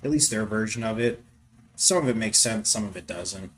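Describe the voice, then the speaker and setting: A man's voice: fairly low pitch, moderate pace, a little hiss or hum. A young man hosting a podcast, giving casual, rambling commentary on a film. He swears often and fills his talk with "uh" and "like". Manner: rambling, profane, with frequent fillers. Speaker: podcast host reacting to a film.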